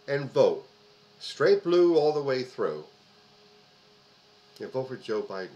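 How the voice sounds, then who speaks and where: A man's voice: mid-range voice, very animated, slow, long pauses, darkish tone, rough recording. A man hosting his own commentary video, delivering an emphatic opinion monologue with repeated phrases for stress and frequent "uh" fillers. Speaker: host of a political commentary video.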